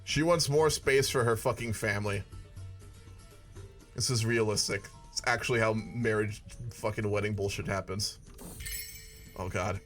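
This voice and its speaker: A man's voice: on the low side, a little slow, long pauses, fairly bright tone, soft background music. A man giving casual, profane gameplay commentary with wry asides. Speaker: gaming video creator.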